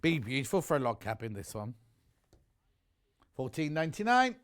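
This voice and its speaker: A man's voice: medium pitch, very animated, normal speed. A man presenting on a live shopping channel, chatty and enthusiastic, rambling into personal asides between prices.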